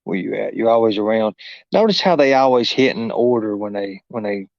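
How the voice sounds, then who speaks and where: A man's voice: on the low side, animated, a little fast, creaky, darkish tone, no echo. A middle-aged man, hosting a livestream in a rambling, folksy, exclaiming way. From Kentucky. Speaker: livestream host. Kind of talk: casual livestream talk. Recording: muffled dull audio.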